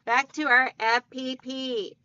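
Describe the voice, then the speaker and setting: A high, bright-voiced woman hosts a casual livestream from home, greeting viewers by name and calling them hon. Her voice is recorded dry and close, a little dull in the top end. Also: flat delivery, slow, clean tone, no echo. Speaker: quilting livestream host.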